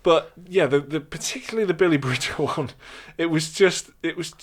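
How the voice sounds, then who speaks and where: A man's voice: fairly high pitch, a little fast. A man co-hosting a gaming podcast, casually and bluntly tearing apart a game, often repeating words as he goes. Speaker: podcast co-host.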